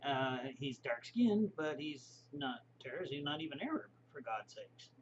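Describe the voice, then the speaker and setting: A man's voice: medium pitch, very animated, moderate pace. Opinionated guy vlogging at home, folksy asides, kinda muffled sound with faint hum. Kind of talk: casual rambling monologue.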